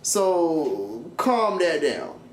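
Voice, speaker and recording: A young man casually reviewing a reality show, blunt and profane, talking in an animated way. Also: on the high side, extremely slow, echoey room, slight background noise. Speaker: YouTube commentator.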